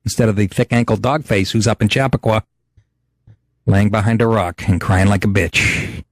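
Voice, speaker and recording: A man's voice: on the low side, steady tone, normal speed, no echo, clean studio sound. A man hosting a podcast, ranting in a profane, blustering way. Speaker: podcast host. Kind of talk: casual ranting talk show.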